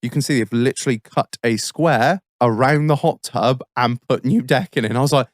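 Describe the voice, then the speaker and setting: A man's voice: medium pitch, normal speed, no room sound, studio quality. A man, hosting a podcast and telling a long, rambling story full of swearing. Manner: swears constantly, rambling anecdotes with frequent laughs. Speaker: podcast host.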